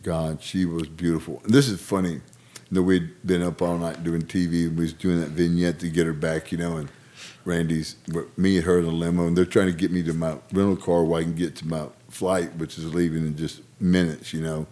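Male podcast co-host, low voice, loose laughing storyteller. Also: little pitch movement, fairly quick, dark tone. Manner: rambling, laughing storyteller who acts out quotes. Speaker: podcast co-host, former wrestler. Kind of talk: casual storytelling chat.

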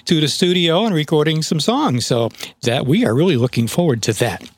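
Folksy, slightly high-voiced radio host. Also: male voice, expressive, brisk, husky. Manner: folksy, hesitant with many uhs. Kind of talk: casual radio interview.

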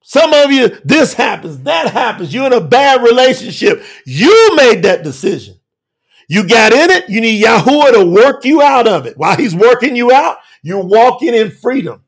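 A man preaching a sermon with emphasis, moving between shouted lines and quiet low asides. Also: very animated, normal speed, breathy edge.

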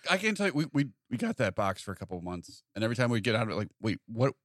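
A man's voice: mid-range voice, big pitch swings, racing, fairly bright tone, no room sound, studio quality. A man co-hosting a podcast in casual comedic banter, joking and riffing into silly voices. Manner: jokey, riffs into silly put-on voices. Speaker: podcast co-host.

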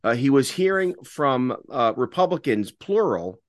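A man's voice: medium pitch, big pitch swings, unhurried, dry recording, studio quality. A man from Maryland co-hosting a casual political podcast, talking conversationally with many fillers. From Maryland, USA. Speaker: podcast co-host.

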